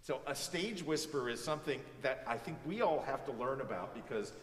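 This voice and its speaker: A man of medium pitch, talking at a normal speed, leads a music master class, coaching a student and singing phrases to show what he means. He's animated throughout. The recording picks him up from far off in an echoey hall.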